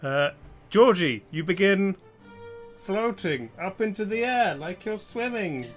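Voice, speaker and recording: A man's voice: high voice, animated, slow pace, soft background music. A man acting as game master of a live tabletop game, narrating dice rolls and often chuckling.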